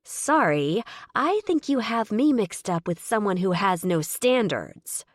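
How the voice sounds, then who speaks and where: A woman voicing a sarcastic, quick-tempered young woman photographer in her twenties. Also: mid-range voice, sing-song, no room sound, clean studio sound, voice pushed up. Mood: exasperated. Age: 20s. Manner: sarcastic, exasperated.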